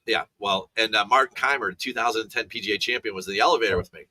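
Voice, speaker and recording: A man speaking very fast in a bright, forceful voice on the low side chats casually about golf betting picks. He rambles into side stories, restarting sentences and stacking up asides along the way.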